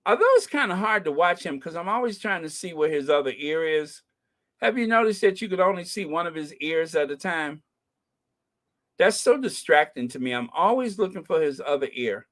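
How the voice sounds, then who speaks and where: A woman hosting a live commentary stream, ranting in an animated, heckling way and laughing often. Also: sits low, moderate pace. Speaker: channel host.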